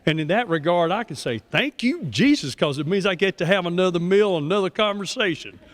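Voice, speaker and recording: A man's voice: high-pitched, quick pace. A man, a master of ceremonies speaking in a genial, joking, easygoing way at a banquet. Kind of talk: banquet emcee speech. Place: banquet hall.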